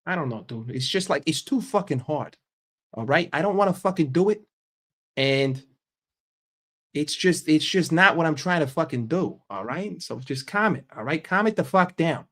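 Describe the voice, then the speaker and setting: A man's voice: a little high, expressive, moderate pace, fairly bright tone. Brash, profane New man. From New York. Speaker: football vlogger. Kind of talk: casual rant to camera.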